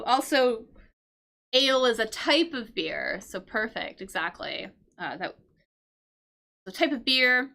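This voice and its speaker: Slow, bright-voiced woman teaching English. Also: medium pitch. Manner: patient explaining, checks in with "right?"; reads and answers the live chat. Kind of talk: live-streamed vocabulary lesson.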